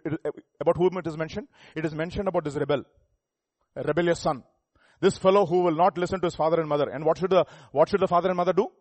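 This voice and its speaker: A man preaching a sermon, emphatic, swinging between loud and soft, asking the listeners rhetorical questions. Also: a little high, no echo. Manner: emphatic, rising and falling volume, rhetorical questions.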